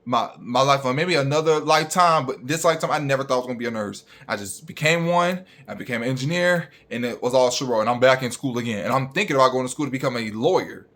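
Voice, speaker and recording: A man's voice: medium pitch, fast, few pauses, fairly bright tone. A young man, a registered nurse, ranting bluntly and profanely straight at his viewers.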